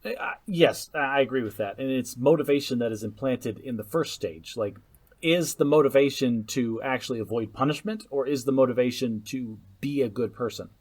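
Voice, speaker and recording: Podcast guy, mid-pitched voice, stammers and jokes around a lot. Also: brisk, breathy edge. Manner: animated, stammering restarts, joking. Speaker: podcast co-host. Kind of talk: casual podcast chat.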